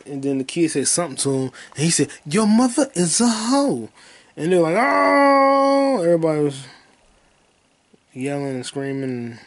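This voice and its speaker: A man hosting a podcast alone, telling crude, rambling stories and bursting into loud high yelps and sound effects. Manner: profane, rambling storytelling. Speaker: podcast host. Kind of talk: casual solo podcast monologue.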